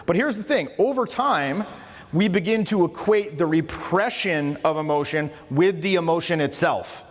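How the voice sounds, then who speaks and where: A fairly high-voiced man teaches social skills in an easygoing lecture. He talks with informal emphasis and often restarts his sentences. His voice carries a long reverb tail from the room. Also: normal speed. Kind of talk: casual instructional lecture.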